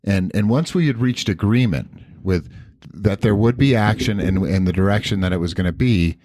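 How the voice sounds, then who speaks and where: Tired man with a very low voice. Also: a little mellow, dry recording, studio quality. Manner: rambling, halting with restarts. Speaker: podcast co-host. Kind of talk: casual podcast conversation.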